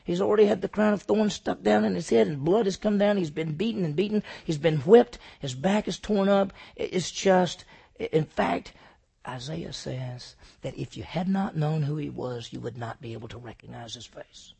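A man preaching a sermon, emphatic, asking rhetorical questions and swinging between loud and hushed delivery. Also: a little high, moderate pace, gravelly, breathy edge. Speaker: pastor.

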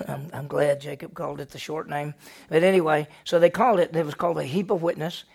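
Gravelly man teaching from the Bible. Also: on the high side, fairly quick. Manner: animated, fires rhetorical questions at listeners. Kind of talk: Bible study sermon.

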